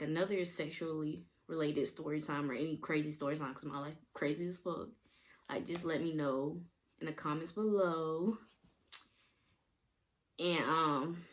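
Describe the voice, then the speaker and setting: A young woman vlogger rambling through a casual storytime, laughing often and using many fillers. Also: deep voice.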